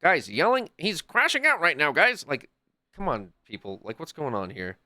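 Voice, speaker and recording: High, lively male streamer ranting at chat. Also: normal speed, dry recording. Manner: frequent swearing. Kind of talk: live gaming stream commentary.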